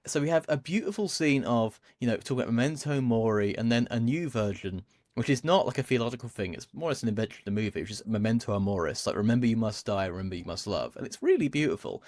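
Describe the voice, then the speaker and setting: A man's voice: mid-range voice, expressive, fast talker, few pauses, a little mellow, no echo. A man talking casually and at length about a film on a podcast, rambling with many fillers and restarts. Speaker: podcast co-host.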